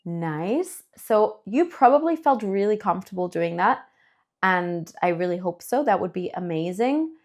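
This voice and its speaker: A woman's voice: mid-range voice, animated, darkish tone. Spanish-accented woman teaching pronunciation. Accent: Spain Spanish. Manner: slow drawn-out modeling of words, then quick explanations. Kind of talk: bilingual language lesson.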